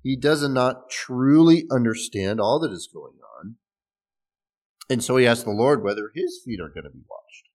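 A man's voice: mid-range voice, animated, normal speed, darkish tone. A man preaching a sermon in a conversational way, explaining scripture with restarts and small laughs. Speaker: pastor.

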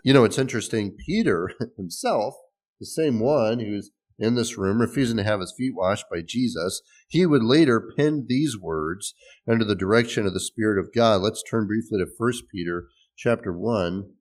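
A man's voice: lowish voice, expressive, normal speed, a little mellow. A man preaching a sermon in a conversational way, explaining scripture with restarts and small laughs. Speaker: pastor.

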